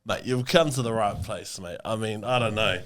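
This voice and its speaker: A man's voice: fairly low pitch, normal speed, a bit bright. A man with a New Zealand accent co-hosting a comedic podcast, brash and laddish, tossing "mate" into nearly every phrase. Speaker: podcast co-host.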